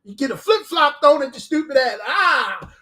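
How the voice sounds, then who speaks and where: A man with a New York accent, a guest artist on a live show, telling stories in a loud, animated and profane way. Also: very high-pitched, normal speed. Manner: animated, profane storytelling with shouted bits. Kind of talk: casual live show chat.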